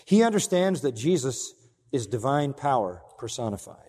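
A male pastor preaches an expository sermon in a husky, middle-pitched voice at a moderate pace. He drives his points home emphatically, swinging high and loud and then low, and keeps putting questions to the congregation. A large hall gives the recording a long reverb tail.

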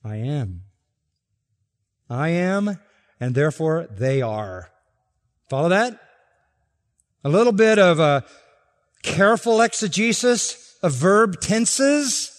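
A man preaching an expository sermon, emphatic, dropping to quiet asides and rising to loud, stressed quotations. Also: sits high, very animated, slow, long pauses, long reverb tail. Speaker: pastor.

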